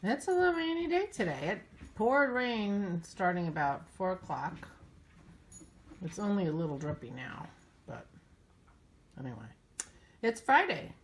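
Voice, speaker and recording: A woman's voice: fairly low pitch, a little hiss or hum. A woman hosting a casual morning coffee vlog from home, rambling and easily sidetracked, a little yawny. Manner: rambling, easily distracted, chatty. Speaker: vlog host.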